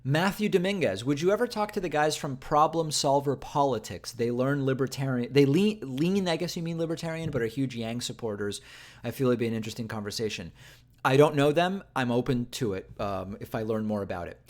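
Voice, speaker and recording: A man's voice: mid-range voice, expressive, a little fast. A man hosting a political show, chatting casually with viewers on a livestream and thinking aloud with fillers and restarts.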